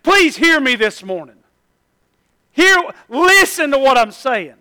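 A middle-aged man from Tennessee, preaching a sermon as pastor, building from quiet talk to loud, emphatic calls. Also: very high-pitched, sing-song, slow.

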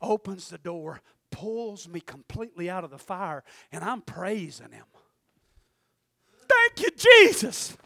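A male preacher, giving an animated sermon, often shouting and acting out his own prayers. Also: high-pitched, moderate pace, creaky, hardly any pauses, no echo, clean studio sound.

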